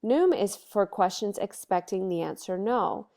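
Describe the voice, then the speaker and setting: A Latin teacher, a woman, giving a recorded study lesson and explaining grammar step by step, slowing down and stressing each example word. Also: medium pitch, lively intonation, dark tone. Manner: slow, deliberate explaining with stressed example words.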